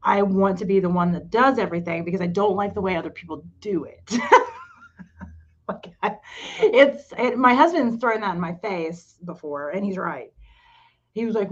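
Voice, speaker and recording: Middle-aged woman, rambling and self-deprecating, even-pitched voice, lo-fi dull sound. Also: moderate pace. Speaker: podcast co-host and cafe owner. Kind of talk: casual chat.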